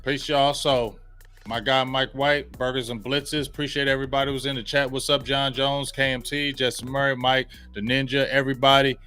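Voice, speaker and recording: A man hosting a sports podcast, talking in a casual, slangy, animated way and laughing often. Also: mid-range voice, normal speed, clear, resonant tone, faint music behind. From Ohio. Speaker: podcast host.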